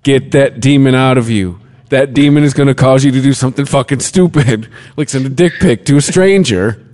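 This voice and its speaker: A man's voice: mid-range voice, moderate pace, darkish tone, big-room sound. A man giving crude, mock-preachy advice in casual podcast chat. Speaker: podcast co-host.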